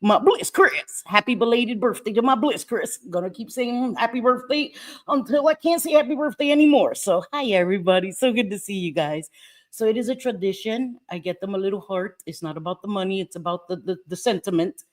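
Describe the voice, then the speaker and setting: A woman's voice: mid-range voice, brisk. A woman in her fifties hosting a casual livestream, chatting and greeting viewers by name with frequent laughter. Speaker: livestream host.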